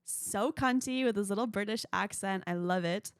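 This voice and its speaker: A young woman talking on her podcast in a gushing, chatty way, her voice full of vocal fry. She sounds close and dry, with no room sound around her. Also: medium pitch, normal speed, dry recording. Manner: gushing, chatty fan enthusiasm. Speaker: podcast host. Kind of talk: casual solo podcast chat.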